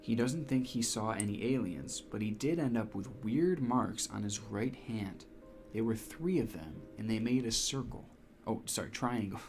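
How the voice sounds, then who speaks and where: Male streamer, low and gravelly, reads creepy accounts aloud with a dramatic edge. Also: normal speed, a little mellow, faint music behind. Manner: dramatic reading, breaks off to react. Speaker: stream host. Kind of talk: reading spooky stories aloud with reactions.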